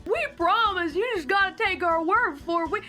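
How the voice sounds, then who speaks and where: A cowardly outlaw man pleads for mercy in a flustered, old-fashioned drawl, as a woman puts him on. His voice sits high and tight. Soft music plays behind him. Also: moderate pace. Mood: pleading. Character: timid, panicky male outlaw brother.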